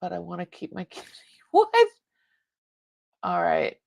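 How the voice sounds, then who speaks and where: A woman hosts a live online jewelry sale, chatting casually with viewers, reading their comments and rambling, often breaking off mid-sentence. Her voice is on the low side, flat and creaky, and she talks fast. There's no echo.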